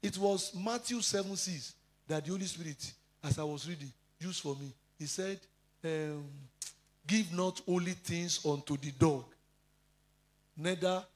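Casting note: male pastor, high-pitched, preaching from scripture with personal stories. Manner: preaching with scripture citations and personal testimony, frequent fillers. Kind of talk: sermon.

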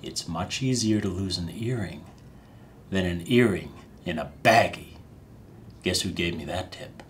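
A man playing a deadpan, grumbling husband. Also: deep voice, measured pace, slight background noise.

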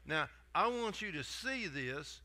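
A man's voice: sits high, very animated, slow pace, sharp tone. A man, preaching a sermon in a folksy, conversational way. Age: 70s. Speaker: guest preacher.

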